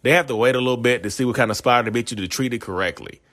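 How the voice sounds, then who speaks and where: A man's voice: medium pitch, racing, a bit bright. A man ranting in a casual monologue, rambling and repeating himself as he acts out quoted voices. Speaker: self-aware narcissist vlogger.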